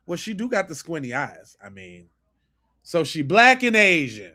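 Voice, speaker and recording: A man hosting a live podcast, reacting to clips with loud mocking outbursts and slangy banter. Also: fairly high pitch, big pitch swings. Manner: quiet rapid aside to viewers. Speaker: podcast host. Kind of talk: live-stream reaction commentary.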